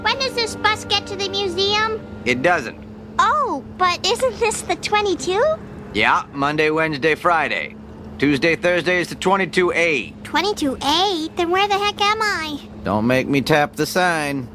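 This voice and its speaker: A man putting on a squeaky-voiced lost child asking a bus driver for directions, in a comedy bit. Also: huge pitch swings, a little slow, bright, forceful tone, slight background noise, heavily acted. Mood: silly. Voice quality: high squeaky voice for the kid. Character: lost kid and gruff bus driver skit.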